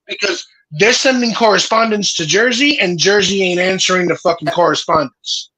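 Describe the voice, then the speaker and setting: A man in a casual podcast chat, telling a heated, profane story with a husky voice. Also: high voice, normal speed, sharp tone, poor audio. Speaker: podcast host.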